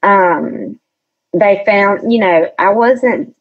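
Slow-talking husky-voiced woman. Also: mid-range voice. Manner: chatty, hesitant with many restarts. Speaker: podcast guest. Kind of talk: casual storytelling chat. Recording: dull lo-fi recording.

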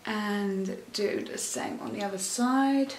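A woman's voice: medium pitch, slow, a little hiss or hum. A young woman doing a casual makeup tutorial, chatting in a rambling way and gushing over the products. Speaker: beauty vlogger. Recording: echoey room.

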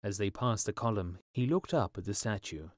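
A man reading a fairy tale aloud as a storyteller, in slow, clear scripted narration for English learners. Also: fairly low pitch, animated, no echo, studio quality.

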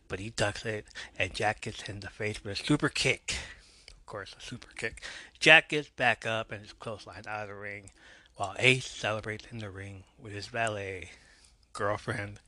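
A man's voice: lowish voice, fairly even intonation, normal speed, sharp tone, no room sound. A man hosting a podcast, casually recapping a TV episode with wry asides. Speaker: podcast host.

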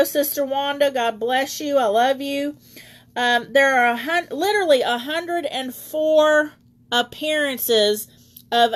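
A woman's voice: high-pitched, fairly bright tone. A woman leading an online Bible teaching as preacher, reading scripture aloud and greeting viewers by name.

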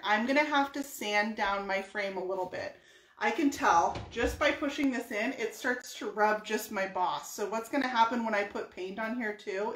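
A woman's voice: mid-range voice, fairly bright tone, reverberant, poor audio. A woman telling a story casually while she works on furniture, chatty and laughing often. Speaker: furniture painting vlogger.

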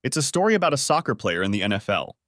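A man's voice: mid-range voice, big pitch swings, rapid-fire, fairly bright tone, no echo, studio quality. A man reading the part of a tearful, apologetic wife who pleads with her husband, his voice raised for her. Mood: explaining.

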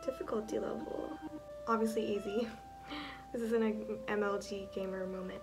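A woman in her twenties commenting on a game as she plays, excitable, gasping and swearing often. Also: mid-range voice, normal speed. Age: 20s. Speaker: gamer. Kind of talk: let's play commentary. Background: game music.

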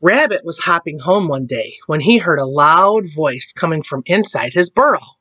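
A woman reading a picture book aloud to children, slow and expressive, with little asides. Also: deep voice, husky, dry recording. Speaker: storyteller.

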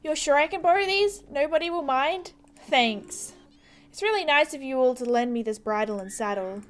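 A woman's voice: sits high, normal speed, lightly acted. A woman voicing a snooty, jumpy new teen girl at a stable in a horse game, defensive and boastful, reading the game's lines aloud.

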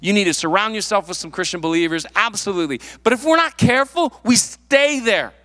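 Male pastor with a slightly high, sharp voice; playful, acts out the story's characters; echoing sanctuary. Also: lively intonation, a little fast. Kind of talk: sermon. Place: church sanctuary. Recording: long hall reverb.

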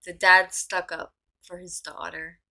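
A woman's voice: fairly low pitch, little pitch movement, unhurried, vocal fry, pushed and bright. A woman hosting a casual reaction video, chatty and emotional, talking back to the screen. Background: film playing with score.

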